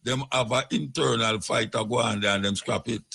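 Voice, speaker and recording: A man's voice: medium pitch, a little fast, vocal fry, pushed and bright, slightly rough, no room sound. A man with a Jamaican accent hosting a call-in radio show, answering callers bluntly in patois. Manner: blunt, curt replies, patois. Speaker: radio host.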